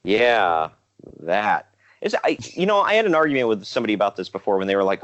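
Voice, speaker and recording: A man's voice: lowish voice, big pitch swings, fast, a bit bright, dull audio. A man co-hosting a casual wrestling podcast, ranting and joking and quoting people in mocking voices. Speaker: podcast co-host.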